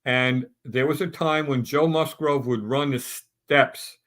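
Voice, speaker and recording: A man's voice: medium pitch, fairly even intonation, slow pace, a bit bright. A middle-aged man on a sports talk round table, ranting bluntly and stumbling through restarts as he builds his points.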